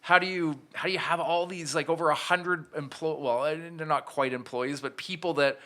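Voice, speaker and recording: A man in his thirties tells his own story as a podcast guest, candid and reflective, often restarting his sentences. His voice is bright, crisp and smooth. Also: a little high, steady tone, normal speed. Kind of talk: storytelling in an interview.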